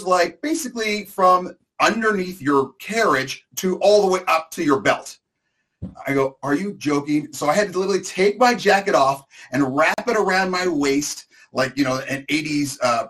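A middle-aged man spins a rambling, exaggerated comic story in a relaxed co-host chat. He talks at an ordinary pitch, loose and conversational, piling on asides and overstatements.

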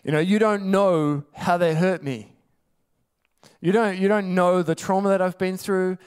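A man's voice: high voice, steady tone, measured pace, clean tone. A man voicing a hurt, bitter person who complains plaintively about past wounds. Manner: plaintive, self-pitying.

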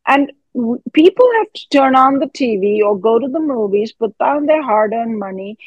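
A woman's voice: fairly high pitch, normal speed, slightly rough, no echo, lo-fi sound. Earnest woman in her fifties, dry close sound. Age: 50s. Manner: earnest, animated, trails off with fillers. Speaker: actress guest. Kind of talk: casual interview chat.

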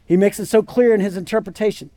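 Guy with a pretty high voice giving a sermon, super conversational, keeps going "right?" and doing little voices for quotes. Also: steady tone, fast, warm tone. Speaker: pastor.

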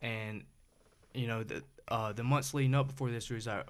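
A young man with a Southern US accent, telling a long story in a relaxed, rambling, slangy way on a podcast. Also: medium pitch, moderate pace, clean tone. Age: young adult. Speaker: podcast guest, store co-owner. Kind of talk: casual storytelling chat.

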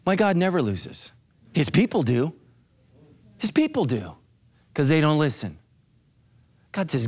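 A man's voice: medium pitch, expressive, fairly quick. A male pastor preaching a sermon with dramatic, emphatic delivery.

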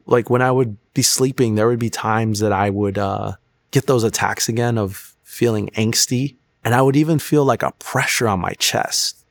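A young man speaks at a middle pitch in a sincere, reflective testimony interview. He often pauses and restarts his sentences. His voice is close and dry, with no room sound around it. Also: dry recording. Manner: earnest and reflective, with frequent restarts and "like" fillers. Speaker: testimony guest.

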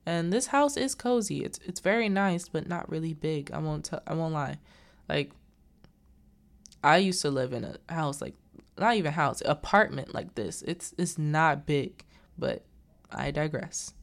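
A woman's voice: low-pitched, vocal fry. A woman chattily recapping a movie's plot, wandering into asides and acting out the characters' lines. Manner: animated, acts out the characters' lines in quick voices.

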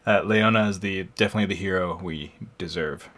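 A man's voice: deep voice, moderate pace, fairly bright tone. A man hosting a podcast in casual chat, talkative and laughing often. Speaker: podcast host.

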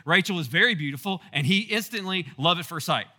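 A male pastor giving a casual Bible teaching, telling the story in a playful, animated way with asides to the congregation. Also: high voice, quick pace.

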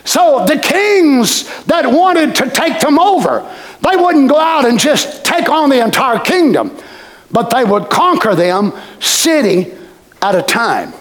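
Male preacher, slow and lively, impassioned sermon delivery. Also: very high-pitched. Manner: impassioned, swinging from shouts to whispers.

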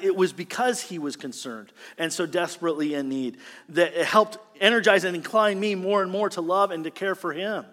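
A man preaching a sermon as pastor, earnest and rising in pitch and volume when he presses a point. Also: fairly bright tone, big-room sound.

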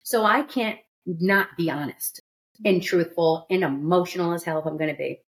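A woman's voice: on the low side, moderate pace. A woman hosting a studio podcast, talking candidly and emphatically in casual chat. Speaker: podcast host.

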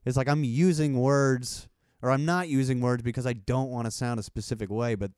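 A man's voice: mid-range voice, steady tone, fairly quick, darkish tone, smooth, no room sound, clean studio sound. A young man from Texas with a Texan accent, co-hosting a casual podcast chat, laid-back and often laughing. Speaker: podcast co-host.

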